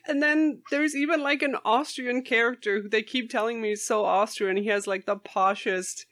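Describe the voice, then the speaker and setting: A woman's voice: on the high side, fairly even intonation, normal speed, a bit bright, no echo. A young woman in casual chat about books and films, enthusiastic and laughing often.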